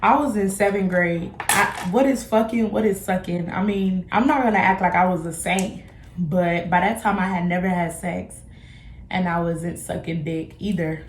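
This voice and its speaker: A woman's voice: lowish voice, normal speed, echoey room, a little hiss or hum. A young adult woman vlogger, telling a casual storytime in a candid, slangy way and acting out the people she quotes. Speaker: beauty vlogger.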